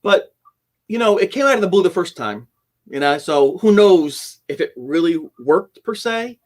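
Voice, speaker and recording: A middle-aged man telling a personal story as a podcast guest, animated and acting out dialogue, often restarting his sentences. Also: high voice, normal speed. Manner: animated storyteller who acts out quoted dialogue, with frequent restarts.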